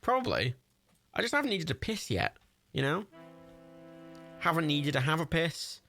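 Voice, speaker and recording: A man's voice: a little high, sing-song, normal speed, gravelly, sharp tone, soft background music. A young man chatting casually while playing a building game, often confused, laughing and swearing. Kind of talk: casual gameplay chat.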